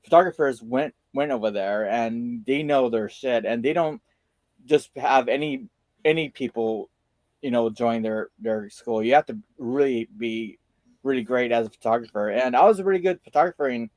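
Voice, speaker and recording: A man from California chatting casually, hesitant and unhurried, with frequent fillers as he tells a story. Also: mid-range voice, a little mellow, no room sound. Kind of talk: casual chat.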